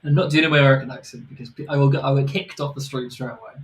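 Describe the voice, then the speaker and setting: Fast-talking, joking man. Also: mid-range voice, fairly even intonation. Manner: joking, rapid banter. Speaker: livestream co-host. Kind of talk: casual chat.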